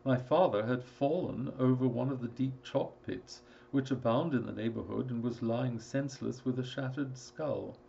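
A man narrating a classic story in a steady, measured storytelling voice. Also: medium pitch, gravelly, lo-fi sound, slight background noise. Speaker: audiobook narrator. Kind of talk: scripted narration.

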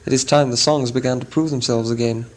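A man's voice: mid-range voice, fairly even intonation, fast, natural voice. A man reading a storybook aloud, voicing a hopeful townsman in a slightly raised voice. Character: hopeful townsman dreaming of gold.

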